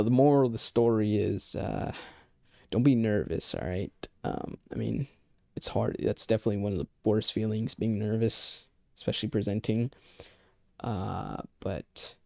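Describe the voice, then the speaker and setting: A man's voice: on the low side, creaky, darkish tone, no echo, studio quality. A young man telling a personal story in a loose, rambling way, swearing often and leaning on filler phrases. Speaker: vlogger. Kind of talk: casual storytime.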